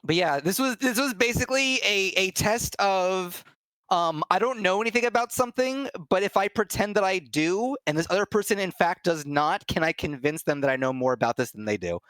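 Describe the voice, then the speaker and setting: Animated man telling a funny story. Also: sits high, brisk, no echo. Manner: animated, laughing storyteller with many restarts. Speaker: streamer. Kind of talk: casual storytelling chat.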